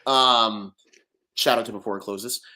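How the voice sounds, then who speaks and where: A man co-hosting a casual podcast chat, animated and quick to restart his sentences. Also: on the low side, crowd noise. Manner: animated, repeats words and restarts often. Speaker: podcast co-host.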